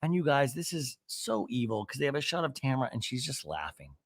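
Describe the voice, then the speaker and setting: Brief: animated male podcast host, gossipy recap, dry close mic. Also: mid-range voice, fairly quick, no room sound. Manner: animated, gossipy, acts out quotes. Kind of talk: casual reality-show recap.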